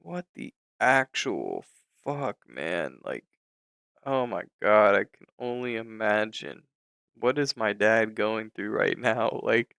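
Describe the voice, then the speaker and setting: A young man commenting on his trading during a live stream, frustrated and swearing in drawn-out outbursts. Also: medium pitch, expressive, vocal fry, a bit bright, no room sound, poor audio. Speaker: livestreaming futures trader.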